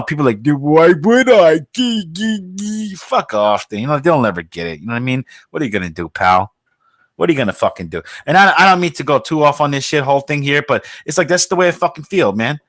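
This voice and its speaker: A man's voice: medium pitch, lively intonation, fast, a bit bright, dry recording. A man hosting a podcast, ranting in a heated, profane and outraged way. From United States. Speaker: podcast host.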